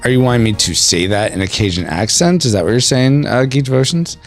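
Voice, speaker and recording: A man's voice: mid-range voice, a little fast, faint music behind. A man hosting a gaming livestream, rambling playfully and reading chat aloud. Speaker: streaming host.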